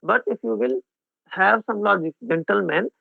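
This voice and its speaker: High-voiced Indian English teacher, phone-thin. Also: male voice, moderate pace, gravelly, no room sound. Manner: mixes Hindi and English, checks in with students. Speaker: exam coaching teacher. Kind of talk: online class lecture. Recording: phone-like narrow band, dry.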